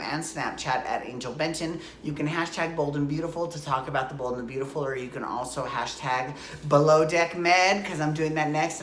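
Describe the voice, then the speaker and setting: A woman's voice: sits low, echoey room, slight background noise. A woman vlogger giving a casual, opinionated recap of a soap opera, full of chatty asides.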